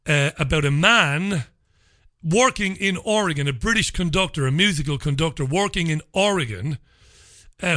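A man's voice: on the high side, bright, forceful tone, no room sound, studio quality. A man giving an angry, indignant opinion monologue. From Ireland. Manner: indignant, ranting.

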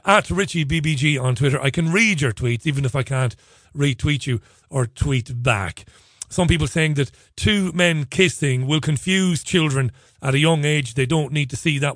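A man hosts a radio show in a chatty, sarcastic and jokey way, his voice pitched a little high. The studio sound is very dry and close, with no room in it. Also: a bit bright, no echo. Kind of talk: opinionated radio monologue.

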